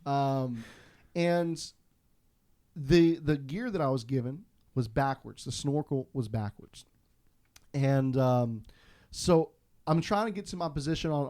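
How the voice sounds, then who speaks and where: A man from Florida, a podcast guest, telling a story in a casual, animated, self-deprecating way with frequent restarts. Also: mid-range voice, dry recording, clean studio sound.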